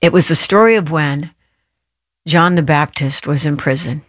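A woman radio host delivering a devotional message, telling a personal story in an earnest, emotional way, slowing down to stress her points. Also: sits low, no room sound, studio quality.

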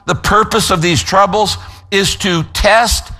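A man preaching a sermon as pastor, emphatic, slowing down to stress key phrases and telling listeners what to write down. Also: sits high, fairly even intonation, bright, forceful tone. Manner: gives note-taking instructions to listeners.

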